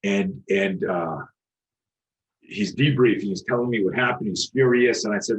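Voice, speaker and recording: A man in his sixties, a podcast guest who teaches self-defense, telling stories in an animated, profane way and acting out the voices of the people in them. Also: lowish voice, brisk. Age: 60s. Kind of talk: storytelling interview talk. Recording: dull lo-fi recording.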